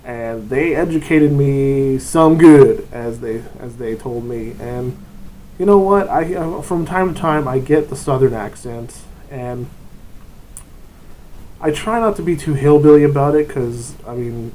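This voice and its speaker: A man's voice: medium pitch, measured pace, mellow, low-quality recording. A man giving casual, rambling advice as a tabletop game master, wandering off topic and dropping into brief put-on voices. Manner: rambling and digressive, often breaking into short put-on voices.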